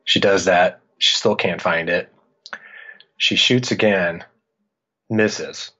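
A middle-aged podcast guest from Iowa in the United States tells a story in casual chat, animatedly acting out what he said back then. His voice is deep and his pace slow, on dull lo-fi audio.

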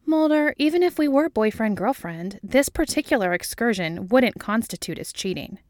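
A woman reading the lines of a composed female federal agent in a fan fiction audiobook, brisk and matter-of-fact with a light amused edge. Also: on the high side, expressive, darkish tone, no room sound, studio quality, pitched above the performer's own voice, close to an everyday voice.

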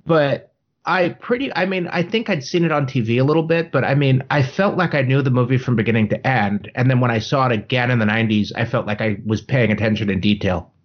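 A man talks in an easy podcast chat, reflective and rambling. His pitch sits in the middle range. The audio is dull and slightly lo-fi. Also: fast talker.

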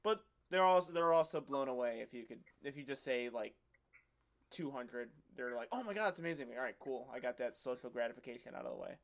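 A young man talking loosely with a co-host on a podcast. He rambles and jokes, and acts out both sides of his stories. His voice sits at an ordinary middle pitch. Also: a little fast, vocal fry. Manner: rambling, joking storyteller who acts out other people. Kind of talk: casual chat.

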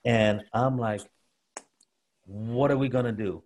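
A man's voice: medium pitch, slow. A young man telling his story as a guest in an interview, acting out the voices of the people he quotes. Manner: animated storyteller, acts out quotes.

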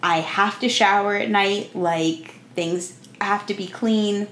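A woman's voice: mid-range voice, steady tone, slow, a bit bright. A woman in her twenties co-hosting a podcast, telling a travel story in casual chat with lots of "like" fillers. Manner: chatty storytelling, many "like" fillers. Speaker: podcast co-host. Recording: echoey room with faint noise.

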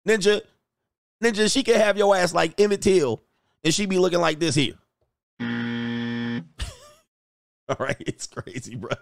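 A young man giving casual, crude reaction commentary, loud and animated, laughing often. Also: on the high side, a little slow, gravelly, long pauses, no echo, clean studio sound.

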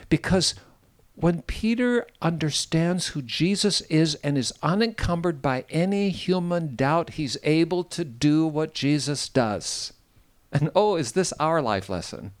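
An earnest man preaching outdoors on a boat on a lake. His pitch swings widely as he stresses words, then falls to soft, hushed passages for prayer. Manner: earnest, lively emphasis, drops to soft hushed tones. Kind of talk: outdoor devotional sermon and prayer.

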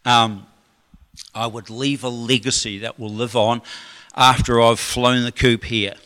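A man's voice: mid-range voice, level tone, measured pace, pushed and bright, clean tone. A man preaching a sermon in a chatty, rambling way, with joking asides to the congregation. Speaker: pastor. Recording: long hall reverb.

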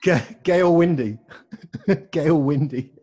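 Male co-host, slightly high pitch, playful and giggly in easy banter. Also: a little slow, warm tone, husky. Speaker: podcast co-host. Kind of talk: casual chat.

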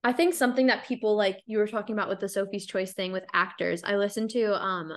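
A woman's voice: mid-range voice, steady tone, fast talker. A woman in her twenties from the United States, hosting a casual podcast chat, talking with many fillers and laughing easily. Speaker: podcast host.

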